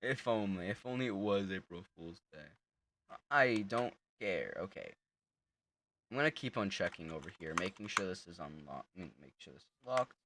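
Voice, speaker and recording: A man's voice: low voice, expressive, normal speed, a bit bright, slight background noise. A young man casually joking through a horror game, teasing the monster with lots of laughter. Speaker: gamer playing a horror game. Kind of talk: casual let's-play commentary.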